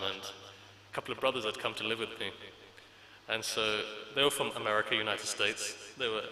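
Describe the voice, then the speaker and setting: A man's voice: mid-range voice, pushed and bright. A man giving a religious lecture to an audience, telling anecdotes in a conversational, humorous way. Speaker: Islamic lecturer. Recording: echoey hall reverb.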